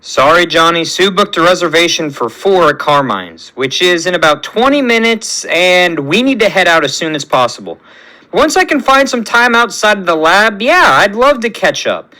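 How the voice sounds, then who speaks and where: A man reading as a busy, hurried scientist from a fan story. The delivery is brisk and apologetic, and the voice stays bright. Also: high voice, very animated, full character voice, poor audio.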